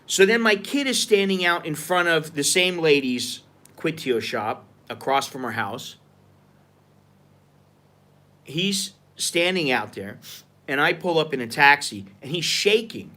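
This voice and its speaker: A man's voice: on the high side, lively intonation, a little slow, bright, forceful tone. A man from the United States telling a story and ranting on a live stream, heated and profane. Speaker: vlogger. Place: outdoors at a market.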